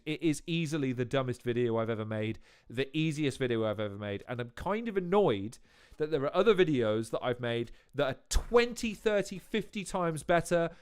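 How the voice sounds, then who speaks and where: A man's voice: medium pitch, clean tone. A man hosting a live-stream watch-along, talking in profane, rambling tangents. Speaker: host.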